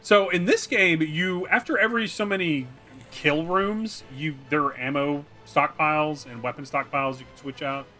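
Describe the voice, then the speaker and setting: A man co-hosting a casual gaming chat, recapping a video game in a rambling, animated way and acting out scenes as he goes. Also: on the high side, moderate pace, soft background music. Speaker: co-host.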